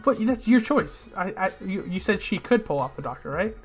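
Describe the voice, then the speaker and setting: A man co-hosting a casual podcast chat, excitable and jokey, quick to cut in. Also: high voice, faint music behind. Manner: excitable and joking, quick to interrupt. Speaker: podcast co-host.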